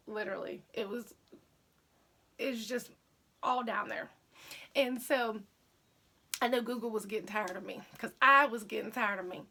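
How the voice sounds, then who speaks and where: A woman who works as an independent accessories consultant, telling her story in a chatty, animated way. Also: on the high side, normal speed, creaky, pauses often. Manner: chatty, animated, says "literally" often. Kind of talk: casual storytelling vlog.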